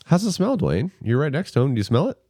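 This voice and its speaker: A man's voice: mid-range voice, sing-song, fast, dark tone, no room sound. A man hosting a casual chat over beers, prompting his guests with questions and reading the label aloud. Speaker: podcast host.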